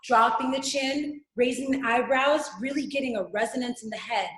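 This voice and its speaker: Brief: high-pitched woman instructor, calm guided vocal exercise, echoey room. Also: normal speed. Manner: calm step-by-step guidance with sustained sung vowels. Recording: roomy echo.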